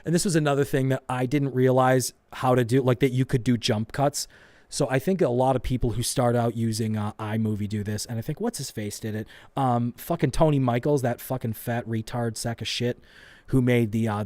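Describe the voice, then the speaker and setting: A man's voice: mid-range voice, a little mellow, dry recording. Male host, rambling profane reaction commentary, dry and close. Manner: profane, self-mocking, rambling.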